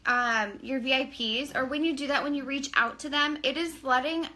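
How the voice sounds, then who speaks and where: A woman's voice: high-pitched, fairly even intonation, normal speed, sharp tone. A woman co-hosting a casual live stream, chatting freely, reading out viewer comments and joking apologies. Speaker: direct sales consultant.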